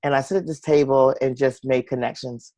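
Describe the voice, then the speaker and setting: A woman's voice: a bass voice, fairly even intonation, a little fast, warm tone, no room sound. A woman hosting an interview, encouraging her guest with small affirmations and sharing her own story in a casual way.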